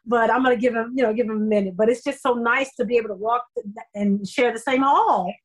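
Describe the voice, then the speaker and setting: A middle-aged woman with a fairly high voice tells stories from her acting life. She talks in an effusive, animated way, full of fillers. This is a casual interview chat. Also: quick pace, husky, rough recording. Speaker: soap opera actor, interview guest.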